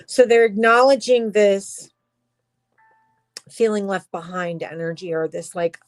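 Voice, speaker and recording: A woman's voice: mid-range voice, steady tone, no room sound, faint music behind, poor audio. Tearful woman giving a tarot reading. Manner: emotional, tearful and halting, with sighs and soft whispers. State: crying. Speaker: tarot reader.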